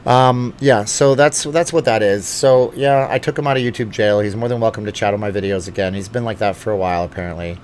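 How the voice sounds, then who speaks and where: A man's voice: lowish voice, a little fast, hardly any pauses, darkish tone, a little hiss or hum. Chatty man hosting a live stream. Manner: chatty, jokey, reads comments aloud. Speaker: livestream host. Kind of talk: casual live chat. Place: home studio with hot lights. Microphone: studio microphone.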